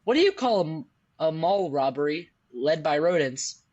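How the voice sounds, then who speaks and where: A young man with a slightly high voice reads a goofy tale in a flat, matter-of-fact manner. The recording is dull and lo-fi, with the top end missing. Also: normal speed. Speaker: podcast co-host. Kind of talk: reading a silly story aloud. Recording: dull lo-fi audio.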